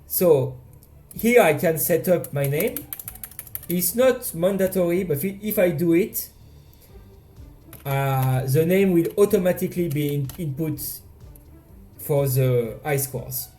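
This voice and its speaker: A man with a French accent casually narrating his indie game devlog, self-deprecating and halting with frequent restarts. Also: on the high side, animated, warm tone. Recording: faint game music behind.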